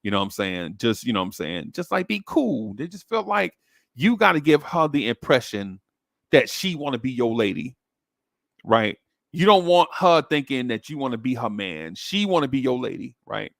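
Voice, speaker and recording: A man casually telling a long childhood story on a podcast, animating it with quick jumps into high voices for the people he quotes. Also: big pitch swings, vocal fry, fairly bright tone, no echo, clean studio sound.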